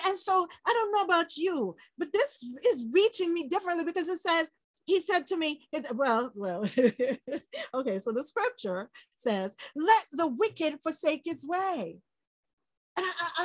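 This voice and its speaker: A woman preaching an informal online sermon, lively and laughing often, acting out quoted people with sudden shouts and low murmurs. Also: dry recording. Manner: quotes people in acted voices.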